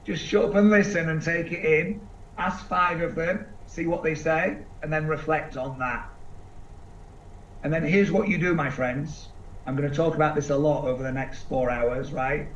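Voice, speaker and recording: A man giving an energetic seminar talk to a live audience, asking them questions and acting out quick voices. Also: on the high side. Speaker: seminar speaker. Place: large event room with live audience. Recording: echoey room, distant mic, dull sound, faint background noise.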